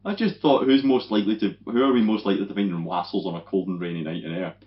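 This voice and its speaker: Young Scottish podcast co-host, deep voice, lively sweary storyteller, dull recording. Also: male voice, fast, slight background noise. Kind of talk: casual chat. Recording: dull lo-fi audio.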